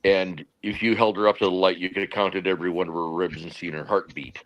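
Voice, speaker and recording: A man chatting casually on a podcast, adding dry, drawn-out remarks. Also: low voice, little pitch movement, poor audio. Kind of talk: casual chat.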